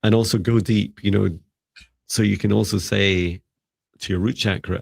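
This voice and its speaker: A man with a very low, gravelly and husky voice hosts a live psychic reading stream. He gives soft, meandering spiritual guidance full of fillers. His voice is close and dry, with no room sound. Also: steady tone, normal speed, no room sound. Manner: gentle, rambling advice with many fillers. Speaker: psychic mentor and co-host.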